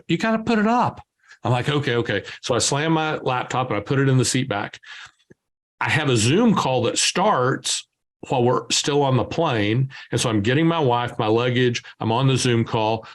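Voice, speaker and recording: Man telling lively stories. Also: mid-range voice. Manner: lively anecdotal storyteller, acts out dialogue. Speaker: guest entrepreneur. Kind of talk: conversational storytelling.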